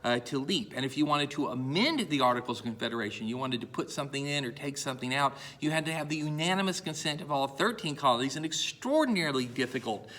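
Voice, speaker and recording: A middle-aged man delivers a college history lecture in a conversational style, his mid-range voice expressive and a bit bright. He talks quickly with few pauses, peppering his speech with "uh"s and restarts and repeating points for emphasis.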